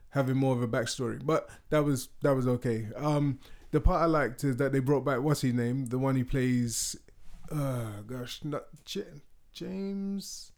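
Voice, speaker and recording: A man's voice: medium pitch, a little mellow. A man co-hosting a podcast, chatting casually, often searching for words. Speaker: podcast co-host. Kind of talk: casual chat.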